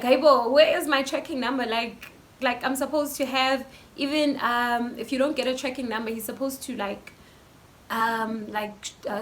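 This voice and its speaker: A South African woman telling a story in a casual vlog, chatty and animated with lots of fillers, filmed on her phone. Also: a little high. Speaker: YouTuber. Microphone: phone camera. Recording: faint background noise from phone mic.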